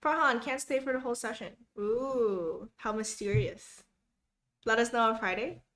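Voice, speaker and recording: A woman's voice: a little high, normal speed, a bit bright. A young woman hosting a live study stream at home, reading viewer comments aloud and greeting people by name in a chatty, upbeat way.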